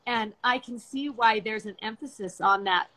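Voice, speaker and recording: An older woman hosts a faith-based conversation, speaking in an earnest and reflective way. Her voice sits a little high, and she pauses often with fillers as she gathers her thoughts. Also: sharp tone, poor audio. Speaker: podcast host.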